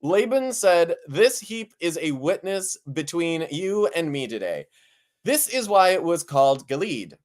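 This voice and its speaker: A man's voice: a little high, very animated, measured pace. Playful man reading scripture, then riffing. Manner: playful, reads scripture then riffs with laughter. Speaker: podcast co-host. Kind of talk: comedic Bible reading and banter.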